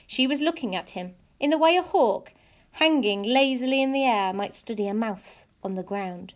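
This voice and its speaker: A woman narrating a children's audiobook in an expressive, measured storytelling voice. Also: fairly high pitch.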